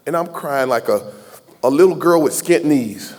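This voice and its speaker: A man's voice: fairly high pitch, animated, moderate pace, a little mellow. A man in his sixties giving a heartfelt, folksy keynote speech at a gala, joking with the crowd and taking questions. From Southern United States. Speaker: keynote speaker. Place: large banquet hall. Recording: long hall reverb from a ballroom PA.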